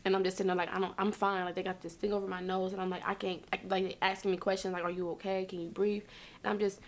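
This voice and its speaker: Fast-talking young woman recounting a story. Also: mid-range voice, flat delivery, a little hiss or hum. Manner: rushed, vivid retelling with repeated phrases. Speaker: interviewee. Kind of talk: emotional storytelling.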